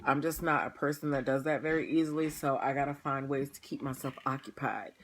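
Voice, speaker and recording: A woman's voice: rumbling low, brisk, a little hiss or hum. A young woman hosting a livestream, chatting casually with viewers, tired and laughing often. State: tired, yawning. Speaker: livestream host. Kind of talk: casual pre-show chat to viewers.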